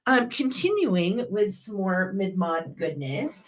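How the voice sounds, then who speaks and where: A woman's voice: mid-range voice, very animated, takes it slowly. A woman hosting a live vintage sale, chatty and gushing, with an allergy cough. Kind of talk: live auction selling chat.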